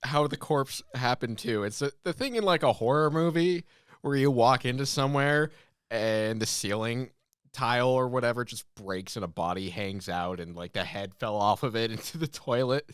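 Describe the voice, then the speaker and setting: A man who runs tabletop games, chatting casually on a podcast. His voice is smooth and clear, with the story rolling out in loose, restarting sentences. The recording is dry and close. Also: mid-range voice, normal speed, dry recording. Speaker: game master.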